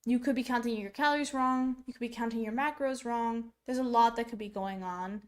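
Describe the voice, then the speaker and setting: A woman's voice: fairly high pitch, fairly quick. A woman streaming casual reaction commentary, talking bluntly and chattily with lots of fillers. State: coughing, choking on popcorn. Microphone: streaming setup.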